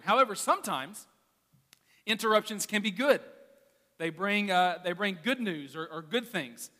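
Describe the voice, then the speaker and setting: A man, a pastor, preaching a sermon in an animated, conversational way, telling stories. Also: sits high. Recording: reverberant hall.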